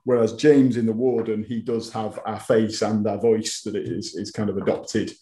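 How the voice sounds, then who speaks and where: A man's voice: on the low side, fairly even intonation, moderate pace, dark tone. A man with a Wigan accent, an author chatting as an interview guest, self-deprecating, with frequent stammered restarts. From Wigan, England. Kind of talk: casual interview chat. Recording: echoey room.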